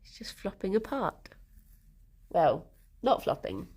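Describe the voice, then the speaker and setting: A woman's voice: medium pitch, sing-song, slow pace, darkish tone, breathy edge. A woman streamer chatting casually on a livestream, answering her chat and cooing to her pet rabbits.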